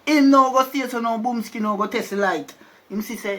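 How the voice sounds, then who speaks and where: Jamaican male storyteller, high pitched, loose and conversational. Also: steady tone, fairly quick, a bit bright. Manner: chatty, keeps asking "you see me?". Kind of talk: casual storytelling.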